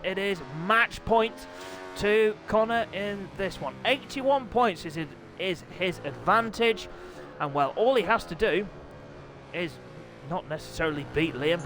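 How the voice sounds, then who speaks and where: Guy doing sim race commentary on stream, bit high voiced, bouncy, keeps clearing his throat. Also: noisy background. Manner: chatty, banters with chat, clears throat often.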